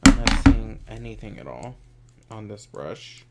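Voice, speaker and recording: Heavy background noise sits under this man's low, sing-song voice as he chats unhurriedly through a makeup tutorial. He's a makeup vlogger, playing it campy and sassy and now and then slipping into a whisper.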